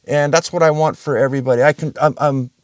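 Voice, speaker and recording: A man's voice: a little high, fairly even intonation, fast talker, darkish tone, no room sound, clean studio sound. A man hosting his own podcast, talking casually and bluntly in a rambling solo monologue, swearing freely. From Russian family background. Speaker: podcast host.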